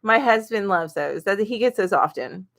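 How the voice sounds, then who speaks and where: A woman's voice: mid-range voice, expressive, moderate pace, a bit bright. Chatty, giggly woman live-stream host. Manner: chatty and giggly, many ums, reads comments aloud. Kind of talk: casual live-stream chat, reading viewer comments.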